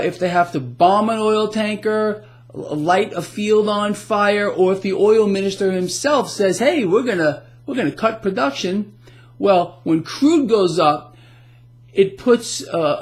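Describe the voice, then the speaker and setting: A middle-aged man with a high-sitting voice hosts a casual market commentary blog, animated and sarcastic and stumbling into restarts.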